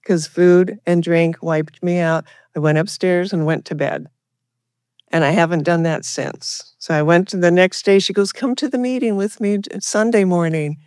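A woman's voice: lowish voice, fairly even intonation, unhurried, a little mellow, smooth, no room sound, studio quality. A middle-aged woman sharing her recovery story at a meeting, talking earnestly and rambling with many restarts. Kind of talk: personal recovery share.

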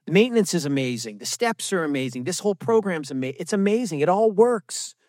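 A man sharing his recovery testimony at a meeting, telling it as an animated story with self-mocking asides and quick impressions of other people. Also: high voice, no room sound, studio quality. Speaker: recovery program speaker. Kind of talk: personal testimony talk.

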